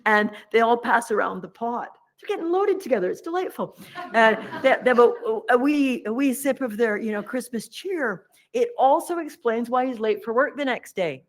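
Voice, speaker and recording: During a humorous dharma talk, a woman who teaches meditation retells a story with chatty animation, playfully voicing its characters. Her voice sits on the higher side and moves at a moderate pace.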